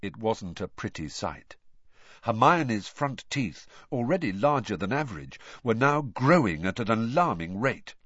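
Lively low-voiced male storyteller. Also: unhurried, slightly rough, no echo. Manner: expressive, animated storytelling. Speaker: audiobook narrator. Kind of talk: scripted narration. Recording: dull dry lo-fi audio.

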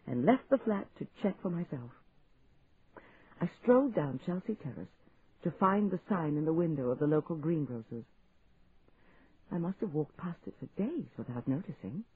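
A man reading an audiobook aloud in a lively, expressive narrating style. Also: on the high side, husky. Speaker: audiobook reader. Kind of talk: scripted narration. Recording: tinny phone-like sound, faint hiss.

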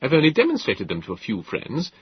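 Guy doing a jumpy, curious young victorian gent, husky voice, kinda muffled audiobook sound. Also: mid-range voice, fairly quick, dry recording, pitched above the performer's own voice, exaggerated voice. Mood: flustered. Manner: excitable, abrupt, curious. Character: eager, brusque young Victorian gentleman inventor. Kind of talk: audiobook character voice.

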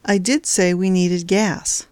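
A woman voicing a weary young man who speaks in a flat, wry way. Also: lowish voice, takes it slowly, clean tone, no echo, clean studio sound.

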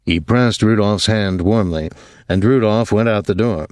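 A man narrating an audiobook in a measured, even storytelling voice. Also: lowish voice, no echo, studio quality. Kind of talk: scripted narration.

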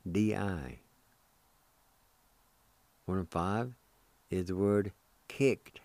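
Slow, patient man teaching. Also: sits low, creaky, a little mellow, dry recording. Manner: slow, patient, spells words letter by letter and repeats them. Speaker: radio host teaching Cherokee. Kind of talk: radio language lesson.

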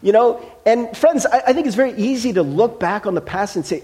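A man's voice: high-pitched, expressive, a little fast, mellow. A middle-aged man from Ohio, a pastor giving a conversational sermon, joking and acting out quoted voices. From Cincinnati, Ohio.

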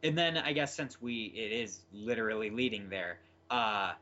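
A man's voice: lowish voice, expressive, normal speed, sharp tone, lo-fi sound. A man co-hosting a podcast, chatting casually and enthusiastically about a film, with lots of fillers. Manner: rambling, enthusiastic, many fillers. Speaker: podcast co-host.

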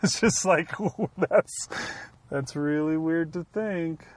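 A man's voice: a little high, slow, no room sound. A man co-hosting a podcast in casual chat, chatty and laughing between phrases. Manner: chatty, laughs through his words. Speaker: podcast co-host.

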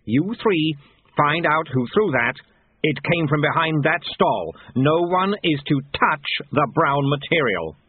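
A man reading an audiobook, voicing a rigid, menacing leader who shouts orders. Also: on the high side, lively intonation, unhurried, husky, voice pushed up. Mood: commanding. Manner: shouting commands. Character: menacing rigid male leader, Mister White. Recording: tinny lo-fi phone-like audio.

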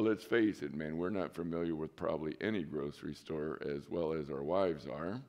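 Lower-voiced pastor telling a story. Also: male voice, darkish tone. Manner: conversational storytelling with asides to the congregation. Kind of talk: sermon. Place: church.

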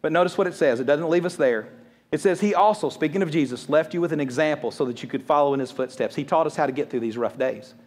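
Fast-talking, high-voiced male pastor preaching. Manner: fast, conversational preaching with quick jokes and acted-out quotes. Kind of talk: sermon.

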